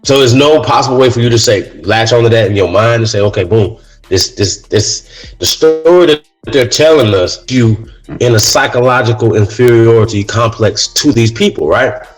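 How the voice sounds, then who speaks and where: A man's voice: mid-range voice, moderate pace, faint music behind, low-quality recording. A man hosting a casual talk show, speaking in a loose monologue that keeps landing on "man" and "right?", and getting heated as he goes. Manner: says "man" and "right?" often; gets heated. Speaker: podcast host.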